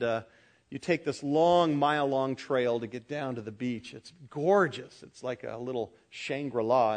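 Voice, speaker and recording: A middle-aged man preaching a sermon, emphatic and humorous, addressing the congregation directly and swinging between loud peaks and quiet asides. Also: mid-range voice. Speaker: pastor.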